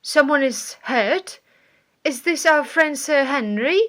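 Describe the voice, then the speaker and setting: Picture a smooth, inquisitive schemer hiding his aims behind friendly questions, as a woman reads him. Her voice stays bright and slow. It is an audiobook reading. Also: high voice, animated, voice pushed up, heavily acted. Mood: inquiring. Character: male villain feigning friendly concern.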